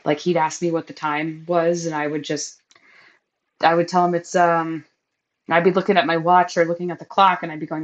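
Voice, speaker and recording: A woman's voice: lowish voice, flat delivery, normal speed. A young adult woman hosting a candid, emotional catch-up podcast, talking over a crackly built-in mic. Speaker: podcast host. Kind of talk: personal catch-up podcast monologue.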